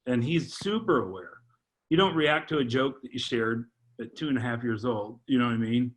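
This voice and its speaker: A man on a podcast, telling a heartfelt personal story in a halting way, full of restarts and repeated words. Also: medium pitch. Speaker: podcast guest, father. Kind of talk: heartfelt personal testimony in conversation.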